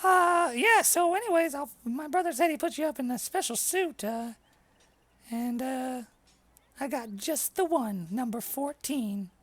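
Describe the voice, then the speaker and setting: A woman voicing an excitable, foul-mouthed male halfling innkeeper, loud and profane. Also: a little slow, dry recording. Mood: chatty. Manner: loud, profane, high and shouty.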